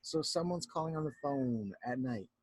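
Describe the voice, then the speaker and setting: A male teacher reading a picture book aloud to children on a home video, chatty and animated, often stopping to talk to the kids about the pictures. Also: mid-range voice, moderate pace, a little hiss or hum. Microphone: home video recording.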